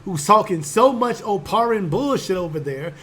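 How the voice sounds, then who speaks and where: A man narrating as game master in a casual, profane, animated storytelling style. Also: high-pitched, moderate pace, husky.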